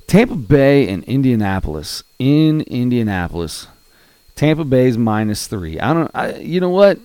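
A man's voice: medium pitch, a little mellow, clear, resonant tone, dry recording. Breathless, rambling sports podcast man. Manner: rambling, gets out of breath while talking. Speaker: podcast co-host. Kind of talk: casual sports betting chat.

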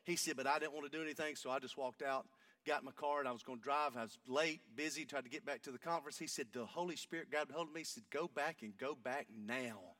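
A man, preaching a sermon and telling a story, going from hushed talk up to shouting. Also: medium pitch, quick pace, dry recording, distant mic.

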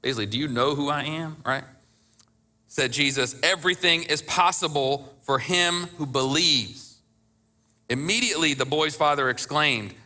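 A male pastor preaching with a very bright, ringing tone and a fairly high voice. He talks in a conversational way, lowers his voice to act out scripture quotes, and builds to passionate emphasis. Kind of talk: sermon.

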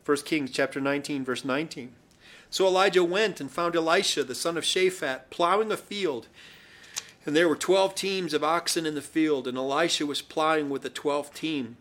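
A man preaches a sermon in a high, light voice. He tells the story plainly and warmly and adds wry asides as he goes. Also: normal speed.

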